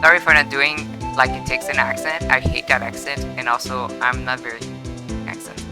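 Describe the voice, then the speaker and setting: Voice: mid-range voice, flat delivery, moderate pace. Casual live-stream commentary with laughing asides; game music underneath.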